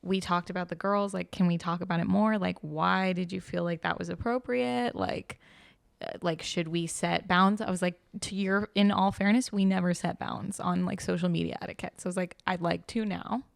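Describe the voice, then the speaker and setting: A woman's voice: lowish voice, fairly even intonation, moderate pace, creaky, no echo. A young woman chatting on a podcast, telling a story with animation and acting out the quotes. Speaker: guest host. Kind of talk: casual podcast chat.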